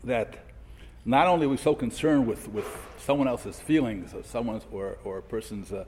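A man's voice: medium pitch, normal speed, darkish tone, slight background noise. A man teaching a Torah lesson, quoting Hebrew texts and explaining them in English with many questions. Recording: echoey hall.

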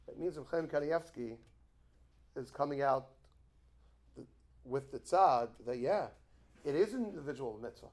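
A man teaching a lively Torah class, an animated storyteller who chuckles and drops asides. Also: medium pitch, moderate pace, long pauses.

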